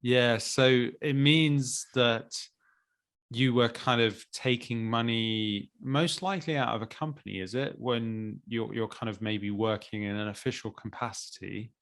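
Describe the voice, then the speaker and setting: A man's voice: mid-range voice, steady tone, measured pace, fairly bright tone. Easygoing joking man on a podcast. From England. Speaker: podcast co-host. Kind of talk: casual chat.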